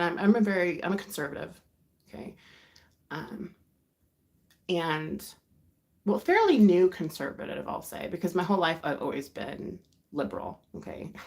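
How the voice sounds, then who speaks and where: Sex: woman. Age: 30s. Origin: United States. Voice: lowish, with gravelly fry. Style: rambling, confiding live chat. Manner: rambling, confiding, with sighs and soft laughs. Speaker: livestream host. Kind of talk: casual chat.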